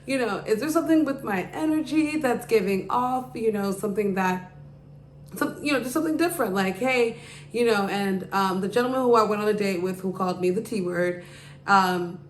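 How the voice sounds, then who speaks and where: On her podcast, a woman with a mid-range voice talks at normal speed, casually telling a rambling story peppered with "like" and "you know." The echoey recording has slight background noise.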